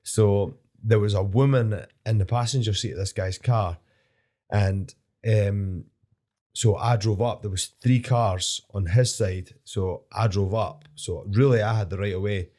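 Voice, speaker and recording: A man with a Scottish accent, a podcast guest, telling casual anecdotes in an animated way and swearing often. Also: lowish voice, unhurried. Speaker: podcast guest, pro fighter. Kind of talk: casual storytelling.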